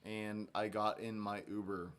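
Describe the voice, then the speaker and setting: Male guest, slow-paced, animated anecdote teller. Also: on the low side, clear, resonant tone. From Ohio, US. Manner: animated storyteller, swears freely. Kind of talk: casual chat.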